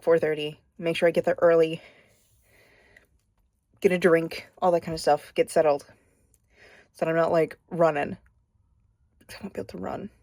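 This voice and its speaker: A woman's voice: on the low side, a little mellow, dry recording. Chatty young woman vlogging at home. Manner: chatty, rambling, self-deprecating. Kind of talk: casual vlog chat.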